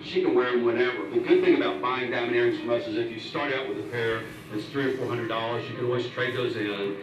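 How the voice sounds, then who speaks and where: A man speaking in a radio commercial, pitching in a relaxed, conversational way. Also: quick pace, far from the mic. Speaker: radio ad spokesman. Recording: roomy playback with music, from afar.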